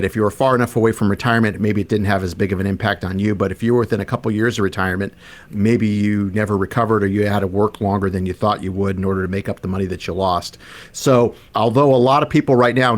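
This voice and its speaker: Fast-talking low-voiced financial planner man. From Arizona. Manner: loose, conversational, with many "you know" fillers. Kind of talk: radio talk show chat.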